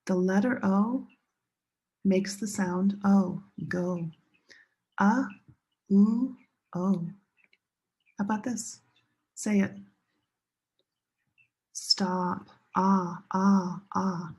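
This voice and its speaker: A woman's voice: medium pitch, a little mellow, breathy edge, rough recording. A woman teaching English pronunciation, patiently modeling each vowel sound and repeating it for learners. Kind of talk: slow, drawn-out classroom instruction.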